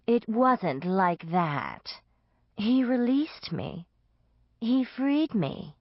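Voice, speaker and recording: A woman voicing a calm, apologetic male vampire who betrays his friends. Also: on the high side, extremely slow, dry recording, voice pushed up, full character voice. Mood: earnest. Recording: dull, dry audiobook recording.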